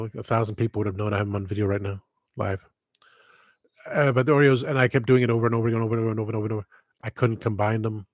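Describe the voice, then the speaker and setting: This livestream host has a fairly low voice and uses a headset mic, with no echo. Casual and meandering, he wanders from the topic, cuts himself short, and tosses in wistful asides.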